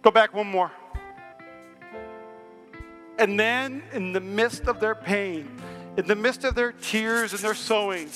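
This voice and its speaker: A man's voice: high-pitched, takes it slowly, long pauses, bright, forceful tone, faint music behind. A male pastor preaching a sermon in a church, building to impassioned, repetitive refrains. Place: church sanctuary.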